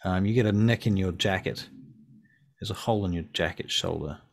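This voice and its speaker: Male game master, lowish voice, loose unscripted narration full of ums and restarts. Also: gravelly. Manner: casual, halting narration with many ums and restarts. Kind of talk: narrating a tabletop horror game.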